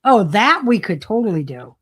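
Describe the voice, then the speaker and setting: A woman's voice: mid-range voice, big pitch swings, moderate pace, slightly rough. A woman co-hosting a casual chat, teasing her partner and laughing often. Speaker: co-host.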